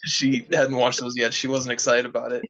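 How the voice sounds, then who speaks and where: A man's voice: mid-range voice, monotone, normal speed, a bit bright, no room sound. A young man co-hosting a podcast in casual chat, thoughtful and easygoing, often restarting his sentences. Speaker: podcast co-host. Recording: dry, slightly dull sound.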